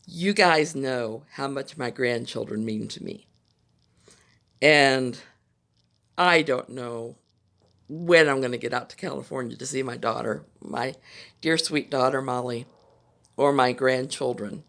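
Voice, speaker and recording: A woman's voice: rumbling low, measured pace, vocal fry, pauses often, fairly bright tone. An older woman from Ohio, USA, hosting a knitting podcast from home in a chatty, rambling way, full of personal asides. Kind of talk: casual chat.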